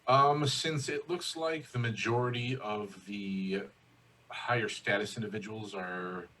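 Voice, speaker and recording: A man's voice: on the low side, steady tone, unhurried, bright, forceful tone, a little hiss or hum, rough recording. A man playing in a tabletop game, laid-back and swearing casually as he plans his moves. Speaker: player.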